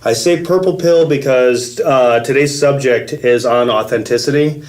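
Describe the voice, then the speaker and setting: A man speaking as a podcast guest, measured and reflective in his answers. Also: mid-range voice, darkish tone. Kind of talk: casual interview talk.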